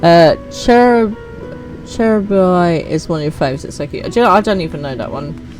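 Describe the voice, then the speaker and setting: A woman streams a game and gives casual commentary, chatting and poking fun at herself. Her voice is lowish and darkish, fairly quick, with soft music behind it on a rough recording.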